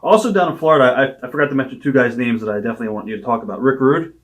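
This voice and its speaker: A man's voice: mid-range voice, rapid-fire. A male interviewer asking short prompting questions about old wrestlers and reacting briefly to the answers. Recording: off-mic, distant from the microphone.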